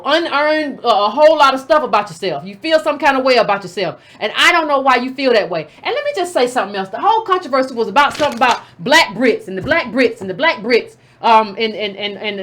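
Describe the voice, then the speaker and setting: A woman's voice: high-pitched, a bit bright. A woman hosting a commentary show, scolding and combative, often repeating herself. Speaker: political commentator and show host. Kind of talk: casual direct-to-camera commentary.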